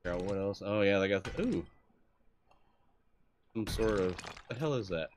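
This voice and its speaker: A man's voice: lowish voice, a little slow, slight background noise. A young man chatting casually on a live stream, swearing freely and telling stories with lots of laughing. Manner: swears freely, animated storytelling, laughs often.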